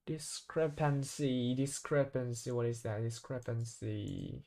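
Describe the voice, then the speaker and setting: Halting man thinking aloud while studying. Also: medium pitch, fairly even intonation, vocal fry, warm tone. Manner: hesitant, halting, constantly restarting and self-correcting. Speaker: English learner. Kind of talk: self-study vocabulary practice, thinking aloud.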